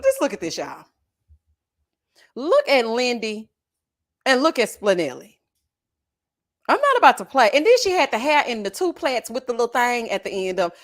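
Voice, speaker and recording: A woman hosts a reality TV reaction show, chatting in a sassy way, laughing loudly, and calling her viewers honey and child. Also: a little high. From Texas. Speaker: host of a reality TV reaction channel. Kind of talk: casual reaction commentary.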